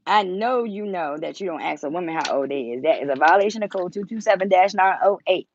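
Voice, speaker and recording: A woman's voice: on the low side, animated, quick pace, darkish tone, highs cut off, a little hiss or hum. A woman hosting a casual livestream from home, blunt and teasing, swearing freely as she talks. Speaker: tarot reader and channel host.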